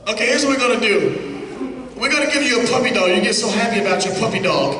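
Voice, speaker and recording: A man's voice: very high-pitched, fast talker, sharp tone. A man working as a stage hypnotist, giving brash, commanding, teasing patter to volunteers in a live comedy show. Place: large hall with audience. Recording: echoey hall recorded from far off. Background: crowd noise.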